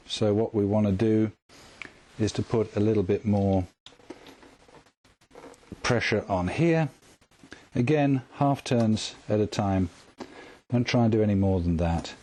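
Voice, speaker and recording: Guy calmly explaining a guitar setup, low warm voice. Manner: calm, patient, step-by-step explaining. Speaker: guitar tech instructor. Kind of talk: instructional demonstration.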